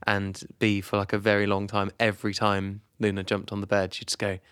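A man co-hosting a podcast in relaxed casual chat, laughing easily. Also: fairly low pitch, fairly quick, smooth, no echo, studio quality. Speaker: podcast co-host.

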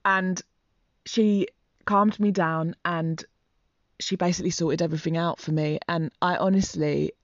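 A woman's voice: fairly low pitch, steady tone, unhurried, dry recording, muffled recording. A woman telling a personal story to her vlog audience in a rambling, heartfelt and emotional way. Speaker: vlogger. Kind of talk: casual storytelling to camera.

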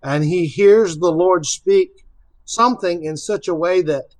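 A man joins a Bible study discussion and thinks aloud as he explains. He hesitates and restarts often. His voice sits slightly high for a man. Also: unhurried, darkish tone, rough recording. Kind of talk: casual discussion.

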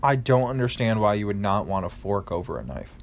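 A man's voice: fairly low pitch, sing-song, a little hiss or hum. A young man arguing with mock seriousness in a casual chat with friends. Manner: mock-serious, argumentative, drawn-out emphasis.

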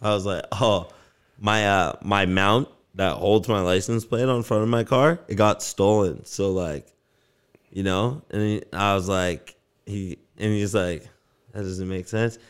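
A man co-hosting a podcast, telling stories in an animated, swearing, casual way and acting out what others said. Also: lowish voice, a little slow, clean tone. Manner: animated storyteller, swears a lot, acts out quotes. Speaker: podcast co-host. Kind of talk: casual chat.

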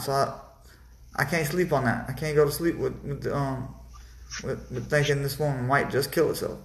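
Gravelly man telling a story. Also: medium pitch, echoey room, a little hiss or hum. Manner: animated, halting, many restarts and fillers. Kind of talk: casual personal storytelling.

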